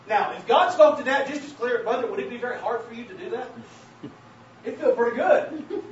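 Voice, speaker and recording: High-voiced man preaching in an echoey church. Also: animated, a little fast. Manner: repeatedly addresses "saints of God", rises to emphatic shouts. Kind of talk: sermon with testimony. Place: church hall. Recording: very echoey, distant, dull church recording with faint hiss.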